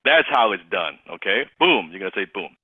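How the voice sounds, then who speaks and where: A man's voice: on the low side, lively intonation, fast, husky, no room sound. A man coaching a sales team, emphatic and repeating his key points for the group. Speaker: sales trainer. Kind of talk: interactive sales coaching session. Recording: tinny phone-like call audio.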